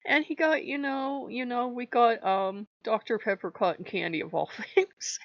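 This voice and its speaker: A woman's voice: fairly high pitch, fairly even intonation, moderate pace, hardly any pauses, no room sound, muffled recording. A woman vlogger talking candidly and emotionally to her viewers, her nose stuffed up after crying. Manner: candid, emotional, laughing through tears. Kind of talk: personal vlog talk.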